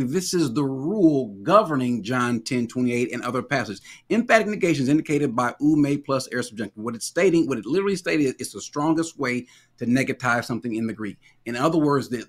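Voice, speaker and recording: A man's voice: medium pitch, fairly bright tone, breathy edge. A man in a theological debate who talks earnestly, often stammering and repeating words as he reads and argues.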